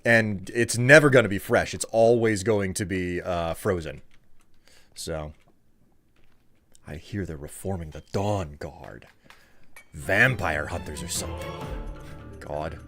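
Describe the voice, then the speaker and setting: A man's voice: deep voice, takes it slowly, pauses often, fairly bright tone, soft background music. Rambling American man chatting on stream. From United States. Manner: rambling, ranting, talks back to chat. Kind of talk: casual live-stream chat.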